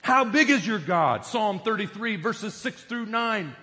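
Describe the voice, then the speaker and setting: A high, bright-toned male pastor preaching a sermon, emphatic and throwing questions out to the congregation. His voice rings with a long church reverb around it. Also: animated, measured pace.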